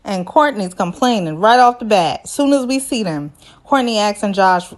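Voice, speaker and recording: Brief: young woman, casual reality-show recap host, sassy and animated, mid pitch. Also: moderate pace. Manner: sassy, animated, lots of asides to viewers. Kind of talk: casual review commentary.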